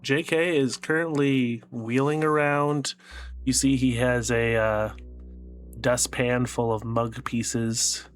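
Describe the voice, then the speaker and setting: A man running a tabletop sci-fi game as game master, narrating scenes in a steady, descriptive way. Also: medium pitch, takes it slowly, a little hiss or hum. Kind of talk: narrating a tabletop space adventure.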